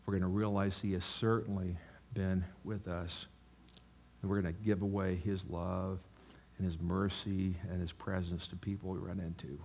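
A middle-aged male pastor giving a sermon, jokey and animated in the telling, then soft and prayerful. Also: low voice, moderate pace, gravelly, breathy edge.

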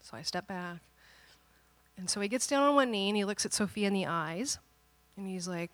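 A woman pastor in her thirties telling a family story during a sermon, animated and dramatic, with playful asides. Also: mid-range voice, normal speed, big-room sound.

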